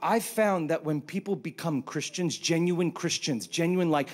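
A pastor in his thirties delivers a sermon, telling stories with lively humor. His voice sits on the higher side for a man, and he swings between punchy jokes and quieter points. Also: normal speed. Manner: animated, humorous storytelling.

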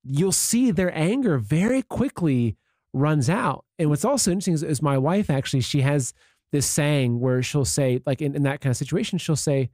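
A man with a warm, mellow voice hosts an interview, chatting loosely with lots of fillers. The close, dry sound has almost no room echo. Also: fairly high pitch, expressive, normal speed. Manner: conversational, with many fillers like "like" and "you know". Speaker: interview host. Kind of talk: casual interview talk.

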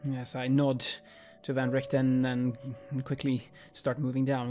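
A man speaks in character during a tabletop game, earnest and a little formal. His voice is mid-pitched. Soft music plays in the background. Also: completely flat delivery, slow pace. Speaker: player.

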